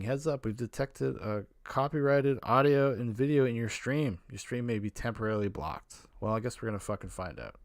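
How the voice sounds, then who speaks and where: A man's voice: medium pitch, dry recording, studio quality. A man hosting a casual live stream, reacting to a video in a rambling, self-interrupting way and swearing offhandedly. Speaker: podcast host streaming a watch-along.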